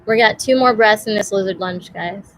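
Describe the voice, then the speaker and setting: A young woman teaching a yoga class outdoors, giving calm, encouraging cues with casual fillers, a bit out of breath. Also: mid-range voice, moderate pace, slight background noise, poor audio. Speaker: yoga instructor. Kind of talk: guided yoga class instruction.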